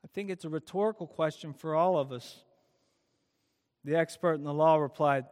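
A man preaching a sermon at a youth event, retelling a story with lively emphasis and many rhetorical questions. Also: a little high, normal speed. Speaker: youth speaker. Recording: long hall reverb.

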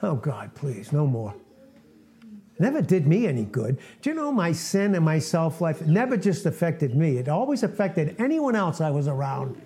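A preacher in his late sixties, his voice a little high and warm, gives an earnest, informal sermon to a small fellowship. He speaks in a folksy, self-deprecating way and tends to repeat himself.

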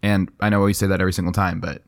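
A young man co-hosting a podcast in casual chat, talking in an animated way and jumping between asides. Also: sits low, rapid-fire. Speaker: podcast co-host.

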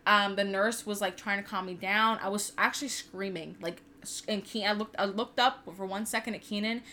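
A woman's voice: mid-range voice, fairly even intonation, normal speed, sharp tone, a little hiss or hum. A woman in her twenties telling a personal story in casual chat, candid and profane with lots of "like". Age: 20s. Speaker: podcast co-host.

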